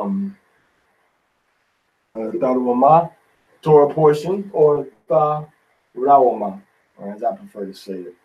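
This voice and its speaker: A man's voice: fairly high pitch, recorded from a distance, muffled recording. A man teaching a Bible study in an informal, folksy sermon style, often tagging lines with "man".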